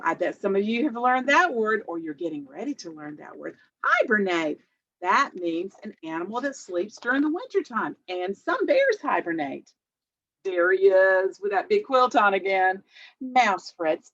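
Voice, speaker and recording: Slow, sing-song woman reading to kids. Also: medium pitch. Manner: animated, sing-song, gasps for effect. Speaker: children's librarian, storytime host. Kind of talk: children's storytime read-aloud. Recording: dull lo-fi audio.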